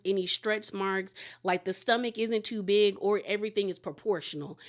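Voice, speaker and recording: A woman's voice: medium pitch, fairly bright tone. Casual chatty woman recapping a reality episode, says like a lot. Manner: chatty, heavy use of "like"; slips into quoted voices while retelling.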